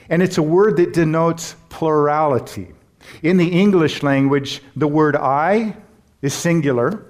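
A man preaching a sermon as a pastor and Bible teacher, earnest and emphatic, putting questions to his congregation and slowing down to stress key words. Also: on the high side.

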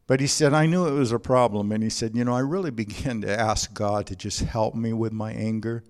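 A man's voice: lowish voice, steady tone, a little fast. A man preaching a sermon, telling stories and quoting others, with frequent restarts and "you know" asides. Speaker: pastor.

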